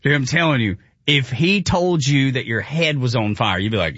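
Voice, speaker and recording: A man hosting morning radio talk, excitable and jokey, laughing often. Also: mid-range voice, moderate pace, husky, no echo, muffled recording. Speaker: radio host.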